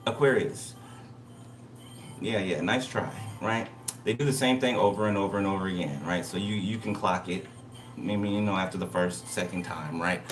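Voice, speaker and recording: Blunt, low-voiced man reading cards. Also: moderate pace, roomy sound, far from the mic, noisy background. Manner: blunt, repetitive, profane. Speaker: tarot reader. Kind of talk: casual spiritual reading monologue.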